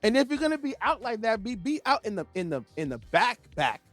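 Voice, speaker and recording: A man's voice: extremely high pitch, sing-song, fairly quick, fairly bright tone, dry recording, faint music behind. A man co-hosting a podcast, telling a story in casual banter and stumbling over words now and then. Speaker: podcast co-host.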